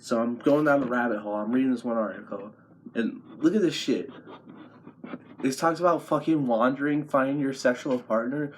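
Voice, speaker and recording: Young male vlogger, mid pitch, swears constantly and laughs his way through a rambling storytime, faint hiss under the voice. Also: normal speed. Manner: profane, rambling, laughs often, animated retelling.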